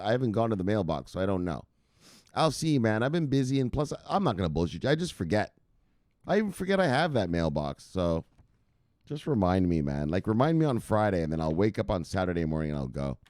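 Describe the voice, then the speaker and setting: A man hosting a casual crypto news livestream, joking and cursing as he gives animated shout-outs to viewers. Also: fairly low pitch, fast, no echo, clean studio sound.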